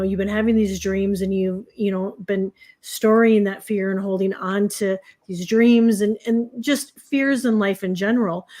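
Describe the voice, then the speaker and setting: A woman's voice: mid-range voice, warm tone. A woman guest gives spiritual advice on a live stream. She rambles with frequent restarts and "you know"s, circling back to her point. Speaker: intuitive guest reader.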